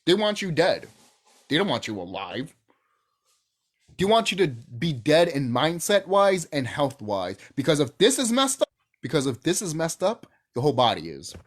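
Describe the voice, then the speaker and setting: A channel host rants off the cuff straight to camera, heated and profane, often restarting sentences mid-thought. The voice is husky and mid-range.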